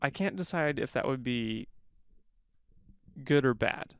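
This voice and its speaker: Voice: medium pitch, lively intonation, measured pace, smooth, no echo. A podcast co-host chatting casually about a movie, leading the segment with firm opinions. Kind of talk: casual movie review chat.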